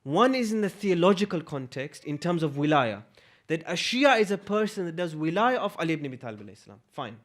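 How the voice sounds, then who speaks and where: A man delivering a religious lecture, posing one rhetorical question after another. His voice sits high and swings widely in pitch. He presses his points with emphasis. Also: big pitch swings, fast talker, fairly bright tone.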